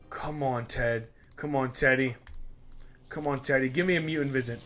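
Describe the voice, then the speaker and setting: Speaking at a moderate pace in a mid-range voice, this man narrates a let's play for his YouTube channel. He excitedly pleads with his characters and keeps repeating himself.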